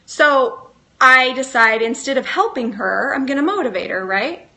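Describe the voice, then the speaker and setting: A middle-aged woman gives a live motivational talk to camera, coaching her listeners and asking them earnest questions. Her voice is high-pitched and sharp in tone, with lively intonation at a normal speed.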